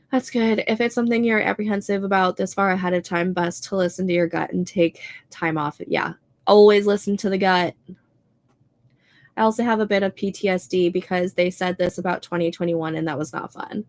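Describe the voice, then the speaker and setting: On a writing livestream, a young Midwestern woman with a Minnesotan accent reads chat and chats casually at normal speed. She sounds lowish and steady, fills her talk with "like" and "um," and laughs often.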